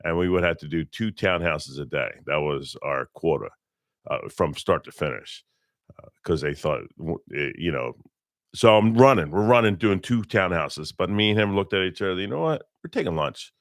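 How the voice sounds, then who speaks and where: A middle-aged electrician, low-pitched and speaking at normal speed, is a guest in a casual interview. He tells blunt, rambling stories about his working life, often correcting himself mid-sentence, in a dry, clean studio recording.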